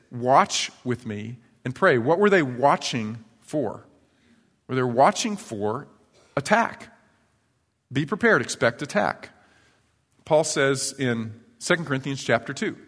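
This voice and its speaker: Male pastor, conversational sermon, storytelling, church hall reverb. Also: medium pitch. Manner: conversational storytelling, animated when telling anecdotes. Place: church sanctuary.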